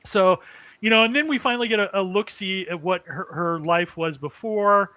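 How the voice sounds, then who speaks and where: A man's voice: high-pitched, moderate pace, sharp tone, dry recording, low-quality recording. A man hosting a casual anime recap, rambling with many fillers and chuckling as he goes. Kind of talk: casual chat.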